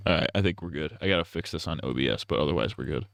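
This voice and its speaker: A man's voice: very deep voice, lively intonation, rapid-fire, vocal fry, a bit bright, no room sound. A young man streaming a game, chatting casually in a rambling, joking way with stammered restarts, on earbuds.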